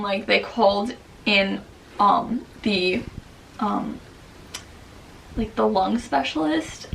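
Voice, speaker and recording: A young Long Island woman talks casually to her camera, her voice carrying a gravelly fry. She sits a little back from the mic, with faint room noise around her. Her speech is chatty and loose, packed with "like" and snappy quoted lines. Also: a little high, a bit bright, recorded from a distance, rough recording. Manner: chatty, many "like"s, quotes others in quick bursts. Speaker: vlogger.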